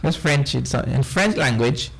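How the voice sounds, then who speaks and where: A man with a Trinidadian accent giving a spiritual discourse to a live audience, animated and often quizzing his listeners. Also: medium pitch, moderate pace, vocal fry, husky, rough recording. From Trinidad and Tobago. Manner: animated, questioning listeners, playful asides. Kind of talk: lively lecture on scripture.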